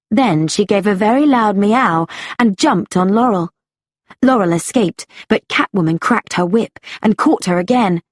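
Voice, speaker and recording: A woman reads a story aloud for learners at a very slow, measured pace. Her voice is soft and breathy, and the recording is close and dry. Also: mid-range voice, no echo. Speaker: narrator.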